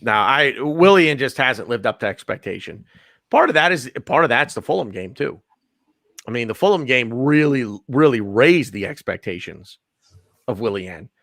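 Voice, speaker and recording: A man hosting a casual football postgame chat, blunt and animated, swearing freely. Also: medium pitch, normal speed, gravelly, no room sound, studio quality. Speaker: podcast host.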